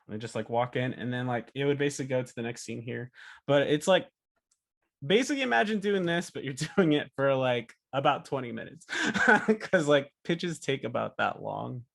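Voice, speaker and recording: A man giving a casual talk as a storyboard artist, chatty and animated, acting out cartoon pitches. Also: moderate pace, gravelly. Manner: animated, chatty, many fillers and laughs.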